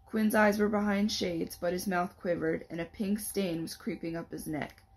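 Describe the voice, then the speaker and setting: A woman on a library's staff reading the first chapter of a young adult novel aloud in a steady storytelling manner. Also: lowish voice, normal speed, a little hiss or hum.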